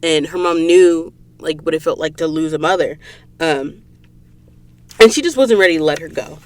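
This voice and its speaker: A young woman from the American South with a Southern accent, hosting a podcast and recapping a book in a casual, animated way, acting out the characters' dialogue. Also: low-pitched, moderate pace, no room sound. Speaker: podcast host.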